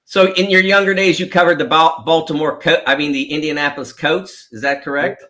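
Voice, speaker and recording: A man's voice: fairly high pitch, fairly even intonation, a little fast, sharp tone. A man grew up around Pittsburgh, a sports writer guest on a radio show who explains things with many stammered repeats. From Pittsburgh area. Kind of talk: casual radio interview chat.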